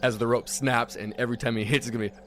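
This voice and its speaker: A man's voice: medium pitch, fairly even intonation, rapid-fire. A man playing a tabletop role-playing game, playful and laughing often. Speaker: player.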